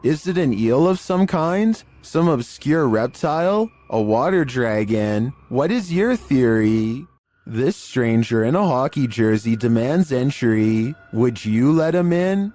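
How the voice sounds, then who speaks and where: A man reading scripted narration for a compilation of eerie clips, in an even, measured delivery. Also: medium pitch.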